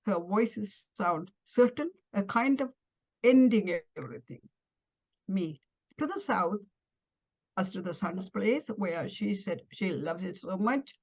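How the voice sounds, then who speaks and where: A woman with a Tamil-influenced English accent reads her own first-person tale, speaking at a middling pitch. She throws herself into the quoted lines, sounding startled and pleading by turns. The recording is a little muffled and lo-fi. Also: expressive, slow pace, darkish tone. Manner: dramatic, voices quoted dialogue with rising emotion. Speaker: storyteller reading her own story. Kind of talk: first-person story reading. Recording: slightly dull lo-fi audio.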